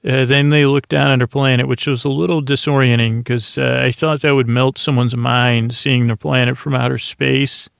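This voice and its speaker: Flat-voiced gravelly podcast man. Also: medium pitch, normal speed, hardly any pauses, no echo, studio quality. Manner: rambling, with many filler words. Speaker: podcast host. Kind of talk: casual episode recap.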